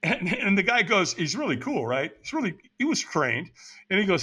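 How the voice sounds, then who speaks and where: Animated, bright-voiced male storyteller. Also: high voice, a little fast, breathy edge. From United States. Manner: animated, acts out other people's lines in a raised voice. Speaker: podcast guest. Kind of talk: storytelling anecdote in an interview.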